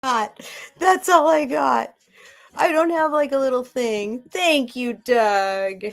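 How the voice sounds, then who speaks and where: A woman's voice: sits high, slow pace, creaky. A middle-aged woman hosting a casual live sale stream, talking in a chatty, rambling way with emotional asides.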